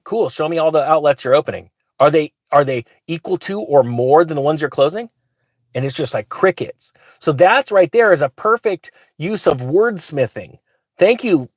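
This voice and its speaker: Recording from his truck, a man reads bank news as a finance vlogger and rants over it with sarcasm, grumpiness, and mockery. His voice sits a little high and is animated at a normal speed, with no room sound.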